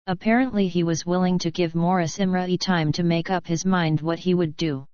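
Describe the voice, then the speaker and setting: A woman narrates an audiobook in a measured storytelling manner. Her voice sits low and smooth. The recording is dull and dry, with no trace of a room. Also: steady tone, a little mellow, dry recording.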